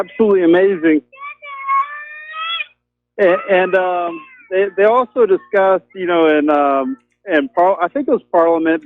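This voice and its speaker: A man's voice: fairly high pitch, dry recording. A man calling in to a talk show, rambling with lots of ums and you-knows. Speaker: caller. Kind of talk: casual call-in chat. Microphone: telephone. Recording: tinny phone line.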